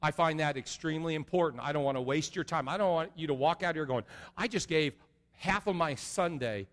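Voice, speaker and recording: A middle-aged man preaching an earnest sermon as a pastor, going from soft and low to loud and high. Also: fairly quick. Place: large church sanctuary. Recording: long reverb of a large hall.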